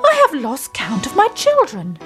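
A woman's voice: high-pitched, wildly swooping pitch, normal speed. A woman voicing a flustered old mother in a storybook, fretful and exclaiming, with music playing behind.

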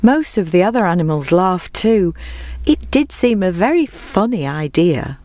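A woman narrating a children's storybook in a clear, measured storytelling manner. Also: fairly low pitch, very animated, dark tone, no room sound. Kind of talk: storybook reading.

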